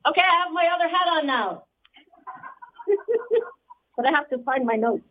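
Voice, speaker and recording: A woman's voice: high voice, animated, moderate pace, highs cut off. A woman gives an earnest protest speech and introduces speakers at an outdoor rally. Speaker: rally emcee.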